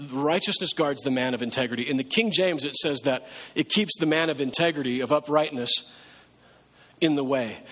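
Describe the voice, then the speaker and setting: Husky man preaching in a reverberant hall. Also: fairly high pitch, a bit bright. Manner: conversational preaching, acts out pleading prayers. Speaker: pastor. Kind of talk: sermon.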